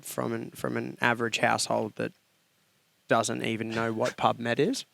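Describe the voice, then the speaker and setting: A man's voice: medium pitch, flat delivery, normal speed, gravelly, fairly bright tone. A man who is a fitness trainer and nutritionist, explaining things in a rambling, casual way on a podcast. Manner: rambling, explanatory, with many fillers.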